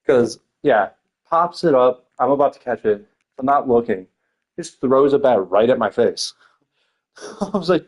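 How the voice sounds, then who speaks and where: A man's voice: mid-range voice, animated, moderate pace, darkish tone. A young man telling rambling stories in casual chat, laughing often, swearing and filling his talk with slang.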